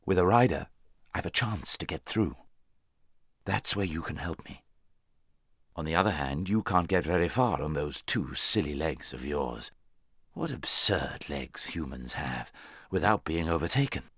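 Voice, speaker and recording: A man's voice: low-pitched, fairly bright tone, husky, no room sound, clean studio sound, heavily acted. A man voicing a proud, brusque talking war horse. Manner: brisk, commanding, contemptuous.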